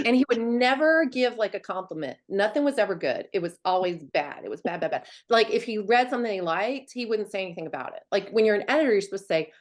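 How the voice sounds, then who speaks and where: A woman's voice: mid-range voice, animated, fast talker, hardly any pauses. A middle-aged woman author chatting casually, telling stories and acting out quoted lines with big swings in her voice. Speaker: author guest. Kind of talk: casual chat.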